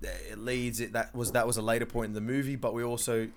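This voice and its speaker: A man's voice: medium pitch, level tone, fast, slight background noise. A young Australian man co-hosting a casual film-review podcast, chatty and steering the talk between laughs. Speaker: podcast co-host.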